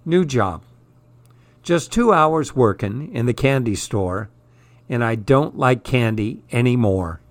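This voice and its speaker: A man hosting a radio program, reading children's stories and poems aloud with expressive delivery. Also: mid-range voice, slow pace, dry recording.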